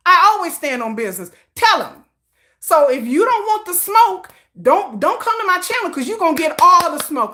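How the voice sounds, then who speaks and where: This very high-pitched woman speaks at normal speed while running a laid-back K-pop stream, where she sassily reads viewers' comments, tosses out slangy put-downs, and laughs a lot. She's grown, with an age that fits having a teenage kid.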